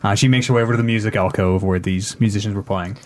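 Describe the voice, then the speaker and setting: A man's voice: lowish voice, fairly even intonation, fast. A man narrating as game master in a tabletop game, easygoing and often laughing.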